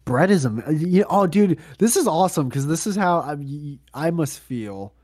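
A man's voice: a little high, animated, moderate pace, a little mellow. A man co-hosting a podcast in loose casual chat, swearing often. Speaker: podcast co-host.

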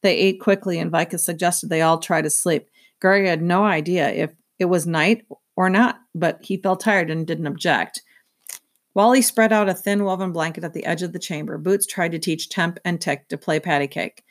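A woman narrating a children's novel aloud in a steady, clear storytelling manner. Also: lowish voice, moderate pace. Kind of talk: children's book read-aloud.

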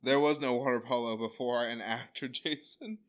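Bright-voiced man hosting a chatty podcast. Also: medium pitch, fairly even intonation, moderate pace. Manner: rambling, joking, paraphrases scenes. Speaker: podcast host. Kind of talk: casual chat recapping a TV episode.

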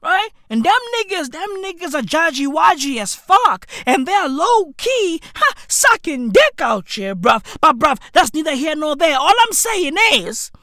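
A woman with delivering a profane comedic rant, swearing a lot and breaking into shouts. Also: high voice, no room sound, studio quality. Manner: slang-heavy, swearing, bursts of shouting.

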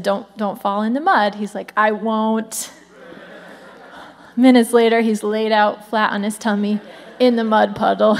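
A woman pastor in her thirties preaching in a friendly, conversational way. Her voice sits a little high, and she keeps the congregation engaged with quick asides. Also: vocal fry. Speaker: lead pastor. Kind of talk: sermon.

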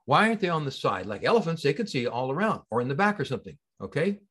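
A man being interviewed as a healing practitioner on a long-form podcast, telling stories in an animated, emphatic way that swings between loud and soft. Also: mid-range voice, fast talker, breathy edge. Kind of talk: casual interview talk.

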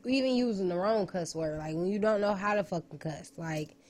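A woman's voice: medium pitch, fairly quick, darkish tone. A woman, co-hosting a casual comedic chat, blunt, profane and emphatic.

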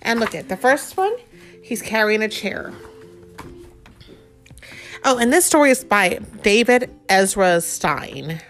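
A woman's voice: mid-range voice, lively intonation, slow, pauses often, a bit bright, soft background music. A woman in her thirties hosting a podcast, reading a picture book aloud to her child, playful and chatty. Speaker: podcast host and mother.

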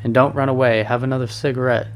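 A man's voice: medium pitch, fairly even intonation, fast, lightly acted. A man reading as an amused painter friend. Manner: teasing, amused. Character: cheerful worldly male painter friend. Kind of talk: audiobook reading.

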